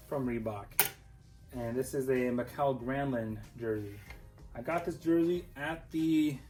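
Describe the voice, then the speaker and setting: A man's voice: medium pitch, darkish tone, poor audio. A man from Minnesota, talking casually and rambling through a jersey collection with lots of fillers and restarts. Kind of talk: casual showcase vlog.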